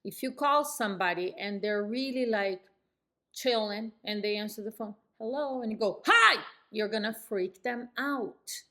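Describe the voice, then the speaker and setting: A middle-aged woman coaching real estate agents, speaking firmly in falling tones and jumping up high to demonstrate. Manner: emphatic, demonstrates phone tones with sudden high pitch jumps; speaks in firm downswings. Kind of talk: coaching lesson to camera.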